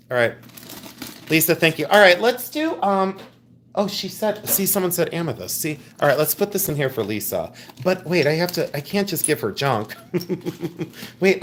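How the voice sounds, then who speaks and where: A man's voice: a little high, fairly bright tone, a little hiss or hum. A man hosting a live jewelry sale stream, talking in a chatty, rambling, jokey way and showing affection toward his viewers. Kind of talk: casual live sales stream.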